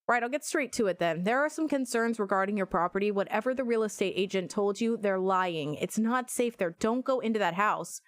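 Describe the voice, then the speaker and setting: A man's voice: high voice, fairly quick, hardly any pauses, smooth, no echo, lightly acted. A man playing an earnest, urgent neighbor. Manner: urgent, apologetic, formal. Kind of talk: full-motion video game dialogue.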